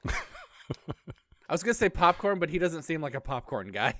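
A man with a higher, bright voice that moves around a lot, joking playfully with his co-host. He laughs easily between lines. The sound is dry and close to the mic. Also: very animated, normal speed, long pauses, dry recording. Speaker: podcast co-host. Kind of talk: casual chat.

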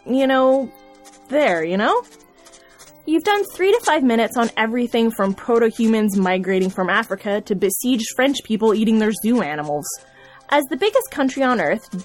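A woman reading a comic listener letter in a prim, passive-aggressive manner. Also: fairly high pitch.

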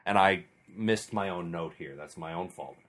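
Low-voiced man hosting a podcast. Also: normal speed, fairly bright tone. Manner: rambling, stumbling over words. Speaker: podcast host. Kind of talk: casual chat, reading listener mail.

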